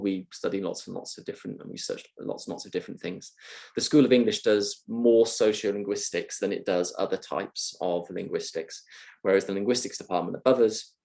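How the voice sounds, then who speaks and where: A man's voice: low voice, gravelly, mellow. A male university lecturer answering questions in a live online session, thoughtful and hesitant with many ums and uhs, speaking on a video call.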